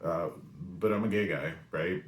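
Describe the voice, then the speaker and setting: A man in his forties from New England, with a very low voice, tells a story in an animated way. He often pauses to ask "right?" The recording sounds roomy and echoey. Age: 40s. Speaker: spiritual reader and weekly message host. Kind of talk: storytelling monologue. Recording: roomy echo.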